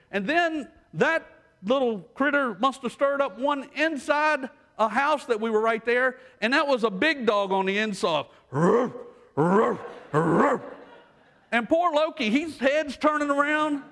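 A man preaching a sermon as pastor, telling stories and moving between hushed asides and rising intensity. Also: extremely high pitch, animated, normal speed. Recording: long hall reverb.

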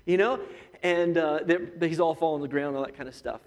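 A man delivers a sermon with an animated, joking manner and acts out voices as he tells the story. His voice sits a little high for a man. The sound carries the long reverb of a church hall. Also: a little fast. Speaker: pastor.

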